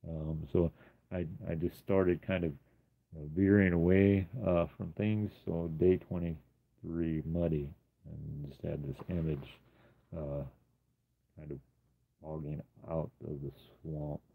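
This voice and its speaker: A man's voice: a bass voice, fairly even intonation, slow, vocal fry. A man casually walking through his sketchbook, rambling with many ums and uhs. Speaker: artist showing his sketchbook. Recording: tinny phone-like sound.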